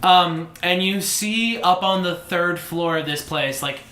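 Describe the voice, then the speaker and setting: Bright-voiced, cursing game master. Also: medium pitch, a little slow, roomy sound. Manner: loose, filler-heavy, cursing. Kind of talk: narrating a tabletop game.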